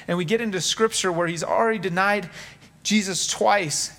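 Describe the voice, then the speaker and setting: A man's voice: high-pitched, steady tone, moderate pace, a bit bright. A man preaching a sermon in an earnest, conversational way, acting out quotes from scripture. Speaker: pastor.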